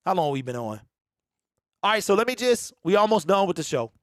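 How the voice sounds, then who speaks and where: Excitable sports host, high-pitched, dry close mic, casual live-stream riffing. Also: male voice, a little fast, no room sound. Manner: excitable, repeats himself, mocks fans in a mimicking voice.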